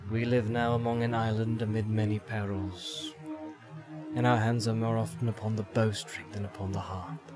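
A man voicing a stern, dignified male elf guardian in an audio drama, speaking in a measured, formal and solemn way. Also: fairly low pitch, level tone, close to an everyday voice. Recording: background music.

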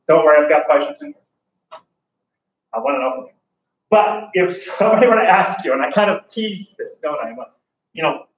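A man's voice: on the high side, highs cut off. A man teaching a history class in a casual, joking, enthusiastic lecture style, full of fillers. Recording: echoey room, voice from a distance.

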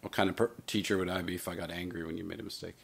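Male math teacher, fairly low voice, works through problems aloud with light playful asides. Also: level tone, rapid-fire, gravelly, breathy edge. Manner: talks through steps with himself, playful asides. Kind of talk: recorded math lesson walkthrough.

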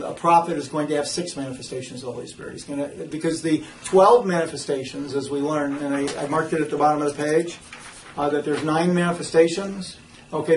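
A man with a high voice teaches a church Bible class, animated and often restarting his sentences. He is recorded from a distance in an echoey room, with faint background noise. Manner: animated, acts out quotes, frequent restarts.

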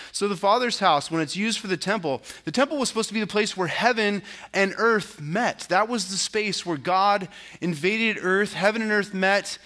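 A man's voice: animated, normal speed, bright, forceful tone. A man pastor giving a conversational sermon, acting out quotes and asking his listeners tag questions. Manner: conversational preaching, acts out quotes with rising pitch; frequent tag questions, casual filler words.

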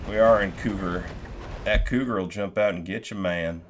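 A gaming streamer with a low, steady voice talks at a moderate pace into a gaming headset against a noisy background of game music and hoofbeats. He gives easygoing live commentary on his gameplay, thanking viewers as he goes.

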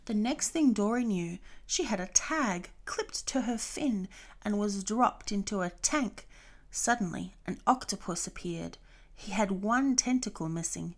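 A woman reading a children's storybook aloud, clear and expressive. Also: mid-range voice, a little slow.

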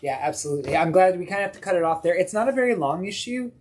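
A woman co-hosting a comics livestream from a comic book shop, talking in a relaxed, conversational way. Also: on the low side, racing. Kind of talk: casual chat.

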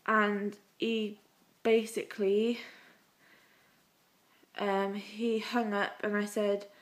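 A woman's voice: medium pitch, flat delivery, drawn-out words, low-quality recording. Emotional British woman vlogging. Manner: rambling, heartfelt, emotional. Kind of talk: confessional vlog chat.

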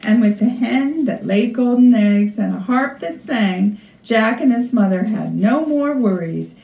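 A woman librarian reading a storybook aloud to children in an expressive, unhurried way. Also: on the high side, vocal fry. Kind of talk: storybook read-aloud for kids. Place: library room. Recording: echoey room, far from mic, dull.

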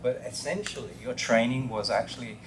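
A man's voice: medium pitch, fairly quick, background noise. A man in his sixties with a posh English accent, earnestly explaining things on a convention panel. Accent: English, received pronunciation.

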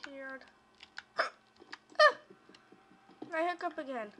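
A woman giving casual gameplay commentary while she keeps hiccuping, talking in halting, self-interrupting bursts. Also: sits high, sharp tone, slight background noise.

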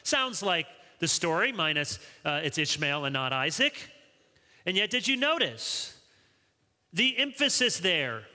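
A man preaches with a very bright, forceful voice that sits a little high for a man. His delivery is animated, leaping upward when he acts out pleas to characters. The sound rings with the long reverb of a large church hall. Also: normal speed. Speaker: pastor. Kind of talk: sermon.

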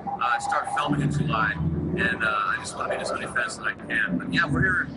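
A man talks in a wry, playful, self-mocking way, his voice neither high nor low. He is calling in from a busy convention hall, and loud crowd and music noise swamp the line. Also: fairly quick. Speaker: guest actor. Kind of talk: casual chat on a remote call. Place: noisy convention venue with music behind. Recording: noisy remote line with loud background.

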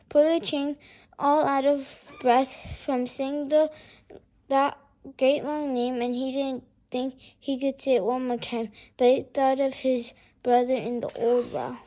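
A woman reading a children's storybook aloud, in an expressive and lilting way. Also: sits high, takes it slowly.

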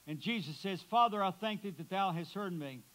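High, bright-voiced preaching man. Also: normal speed, poor audio. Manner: preaching with dramatic swings from loud to hushed. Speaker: pastor. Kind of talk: sermon. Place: church sanctuary.

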